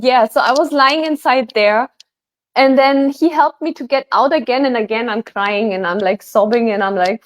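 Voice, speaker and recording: A woman guest, a healer, telling a personal story in a chatty, animated way, full of fillers. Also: a little high, normal speed, no echo. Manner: animated, chatty, many fillers like "like" and "you know". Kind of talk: casual storytelling.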